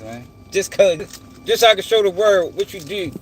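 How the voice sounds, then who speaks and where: A man's voice: sits high, very animated, normal speed, noisy background. A man giving blunt, profane casual commentary on a news story, calling his viewers y'all and speaking. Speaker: commentator reacting to news clips.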